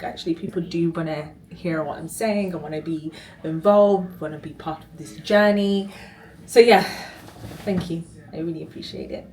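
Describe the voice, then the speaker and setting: A woman's voice: deep voice, a little mellow, low-quality recording. A woman chatting casually to her vlog camera, rambling through asides and laughing easily. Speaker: vlogger.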